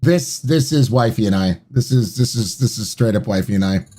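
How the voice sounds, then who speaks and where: A man's voice: lowish voice, lively intonation, normal speed, dark tone. A man hosting a live stream, chatting casually and greeting viewers by name. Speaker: streamer and podcast host.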